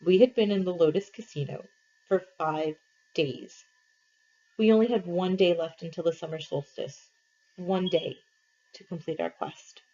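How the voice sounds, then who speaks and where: A woman teacher reading a novel aloud to her class, in an expressive, measured way, in a dull lo-fi recording. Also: on the low side.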